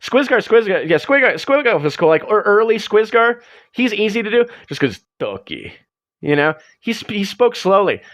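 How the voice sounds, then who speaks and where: A man's voice: high voice, big pitch swings, normal speed, fairly bright tone. A man hosting a livestream, chatting casually in a rambling, self-deprecating way. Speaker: livestream host. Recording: dull lo-fi stream audio.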